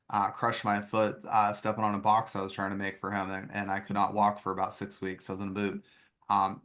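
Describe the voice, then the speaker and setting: A man's voice: on the low side, fairly bright tone. A man hosting a podcast interview, talking in an earnest, reflective way with frequent "um" fillers. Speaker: podcast host.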